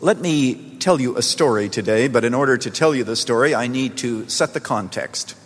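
A man delivers a sermon as pastor, speaking earnestly and slowing down to stress key words. His voice carries the long tail of a large hall. His pitch sits in the middle range. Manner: earnest storytelling, slowing for emphasis. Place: church.

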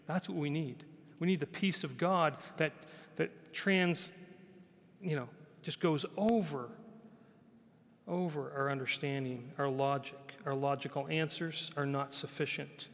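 Guy pastor preaching, kinda high voice, keeps saying right?, long hall echo. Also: unhurried, creaky, fairly bright tone. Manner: conversational, repeats phrases, often asks "right?". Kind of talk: sermon.

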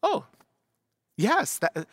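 A man's voice: extremely high pitch, huge pitch swings, extremely slow, fairly bright tone, breathy edge, no echo, pitched above the performer's own voice, full character voice. A man doing a dithering ghost man. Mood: hesitant. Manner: hesitant, making excuses.

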